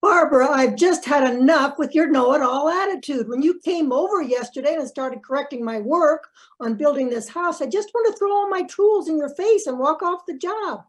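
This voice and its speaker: A woman's voice: high voice, normal speed, natural voice. A woman reading as an annoyed carpenter. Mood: indignant. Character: irritated woman carpenter volunteer, defensive. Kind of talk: reading a role-play script aloud. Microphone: video call.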